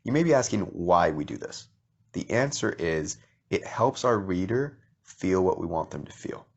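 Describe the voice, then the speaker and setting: A man with a very low voice explains poetry step by step in a video lesson. He pauses to check in with the listener. The sound is dull and lo-fi. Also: lively intonation, slightly rough. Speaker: poetry teacher.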